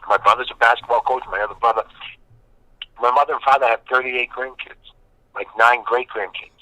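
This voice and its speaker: Bright, emphatic man in his fifties. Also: mid-range voice, steady tone, fairly quick, no room sound, poor audio. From Boston. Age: 50s. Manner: rambling, emphatic storytelling with repetition. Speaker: guest. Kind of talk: casual interview chat.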